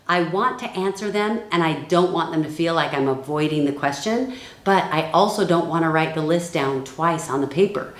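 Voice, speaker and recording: A woman giving a calm training lesson for network marketing builders. She acts out the sales lines she uses. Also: low-pitched, normal speed, roomy sound.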